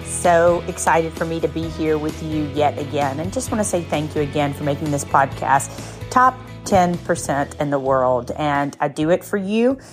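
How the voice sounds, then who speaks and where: A woman's voice: low voice, moderate pace, faint music behind. A middle-aged woman hosting a motivational podcast, speaking earnestly and emotionally, moved to tears at times. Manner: warm, emotional, earnest, cries easily. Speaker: podcast host.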